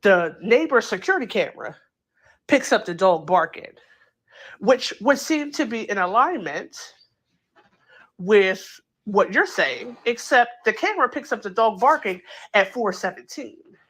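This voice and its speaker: A woman hosting a casual true crime chat, talking it through in an animated, incredulous way and acting out quotes, with plenty of filler words. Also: medium pitch, a little slow, husky. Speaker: true crime channel host. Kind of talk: casual commentary.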